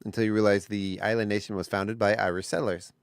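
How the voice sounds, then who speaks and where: A man co-hosting a radio morning show, chatty and quick to laugh, telling stories and reading facts. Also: lowish voice, fairly even intonation, vocal fry, clear, resonant tone, dry recording, studio quality. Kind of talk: casual radio banter. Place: radio studio. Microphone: studio microphone.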